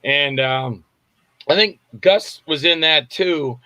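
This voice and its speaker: A man, a film director, telling lively anecdotes in a casual interview, acting out the voices in his stories. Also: fairly high pitch, slow, dry recording. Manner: animated anecdotes, acts out voices and shouts. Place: Tampa area, Florida.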